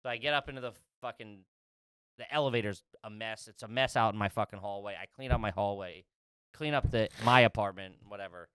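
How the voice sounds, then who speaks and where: A man's voice: lowish voice, a little fast, fairly bright tone, clear, resonant tone, no echo. A man co-hosting a podcast, telling a rambling comedic story full of swearing and laughs. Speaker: podcast co-host.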